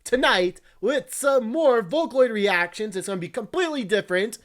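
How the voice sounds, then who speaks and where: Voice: medium pitch, expressive, moderate pace. A VTuber reading a visual novel aloud, breaking off for joking, crude, teasing asides and frequent laughs.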